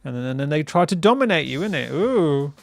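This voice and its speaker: Gravelly-voiced man chatting on stream. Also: fairly high pitch, lively intonation, quick pace, faint music behind. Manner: rambling, laughs often, tags "right?" and "bruv". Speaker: streamer host. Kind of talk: casual stream chat.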